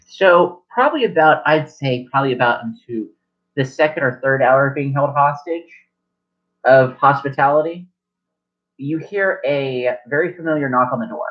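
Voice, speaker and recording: A man narrating as game master at a tabletop game, rambling and correcting himself as he goes, in a lo-fi recording. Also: mid-range voice.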